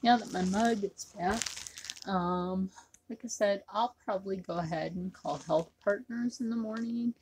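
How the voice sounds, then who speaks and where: A woman's voice: mid-range voice, unhurried, a little mellow, a little hiss or hum. A woman talking casually to her camera in a rambling, repetitive way, with many fillers. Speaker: vlogger.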